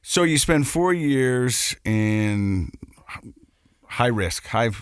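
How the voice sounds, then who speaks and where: A man's voice: medium pitch, lively intonation, very slow, smooth, dry recording, clean studio sound. A man hosting a recovery podcast, talking in an earnest, reflective way about addiction from his own experience. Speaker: podcast host. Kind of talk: casual interview talk.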